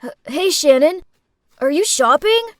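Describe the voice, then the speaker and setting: A woman's voice: high-pitched, expressive, unhurried, dry recording, pitched above the performer's own voice. A woman voicing a dorky, nervous teenage boy who stammers eagerly in a storytime video.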